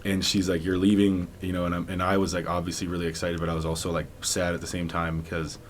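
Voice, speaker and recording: A man's voice: low voice, monotone, fast, a little hiss or hum. A young man, a former football player, casually recounting his career as a podcast guest, rambling with many likes and restarts and laughing often. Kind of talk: casual storytelling interview.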